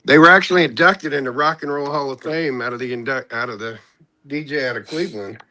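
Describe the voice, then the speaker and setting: A man's voice: medium pitch, fast, sharp tone. A man in a casual chat, insistently arguing his point.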